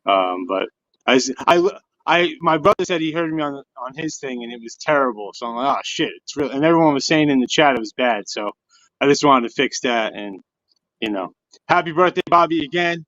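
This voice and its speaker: A man's voice: medium pitch, animated, brisk, a bit bright, dry recording. A man calling into a sports show, rambling in a loose, chatty way. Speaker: caller. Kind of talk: casual call-in chat. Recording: dull lo-fi online stream audio.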